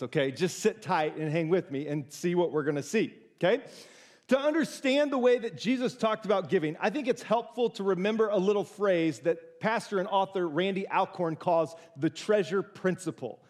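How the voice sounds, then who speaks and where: A man preaching a sermon as pastor, talking to the congregation in a conversational, animated way with direct asides. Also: sits high.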